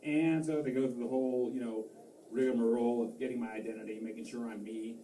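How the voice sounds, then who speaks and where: Male stand-up comic, rambling and self-mocking, mellow voice, heard from a distance in an echoey club. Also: medium pitch, little pitch movement, a little fast, a little hiss or hum. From Massachusetts. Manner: rambling, self-deprecating, lots of fillers and restarts. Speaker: stand-up comedian. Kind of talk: stand-up comedy set. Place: comedy club stage. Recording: roomy club sound from a distance, faint crowd ambience.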